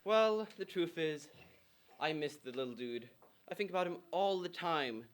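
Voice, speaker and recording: A man's voice: on the high side, animated, normal speed, lightly acted. A young man acting a doting new father in a stage radio play, earnest and sentimental. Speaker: actor in a youth theatre radio play.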